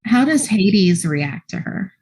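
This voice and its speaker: A woman's voice: mid-range voice, big pitch swings, slow, a little mellow, husky. A woman player in a tabletop game, explaining her character in an easygoing way.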